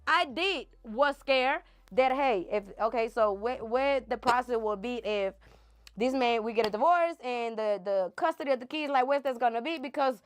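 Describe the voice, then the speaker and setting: A woman's voice: a little high, animated, moderate pace, smooth. A woman, a mother, speaking insistently about her choices and her children, repeating her points for emphasis. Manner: insistent, repetitive. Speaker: mother defending herself in a clip. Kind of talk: emotional self-defense in a played clip.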